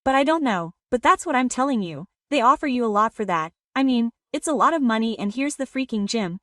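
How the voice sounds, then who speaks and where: A woman's voice: fairly high pitch, expressive, a little fast, a bit bright, no echo, studio quality, far from the mic. A woman comedian with a Mexican accent, telling brash, teasing stories and putting on other people's voices. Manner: brash, teasing, switches into voices of husband and kids. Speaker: stand-up comedian. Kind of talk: comedic monologue with acted dialogue.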